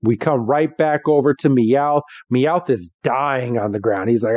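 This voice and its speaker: A man co-hosting a podcast, casually recapping a cartoon episode with animated retelling that acts out the characters, on dull, dry podcast audio. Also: medium pitch, a little slow, hardly any pauses, no room sound. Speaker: podcast co-host.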